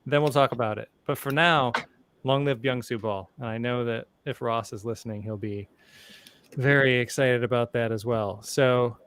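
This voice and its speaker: A man's voice: medium pitch, steady tone, normal speed, fairly bright tone, a little hiss or hum. A man hosting a casual podcast, jokey and rambling, often breaking off mid-thought. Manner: jokey, rambling, self-interrupting. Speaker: podcast host.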